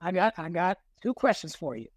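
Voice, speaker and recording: A man hosting a podcast, pitching movie plots in a playful, teasing way and reading summaries out slowly. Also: very animated, dry recording. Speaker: podcast host. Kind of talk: casual podcast chat, mock pitch role-play.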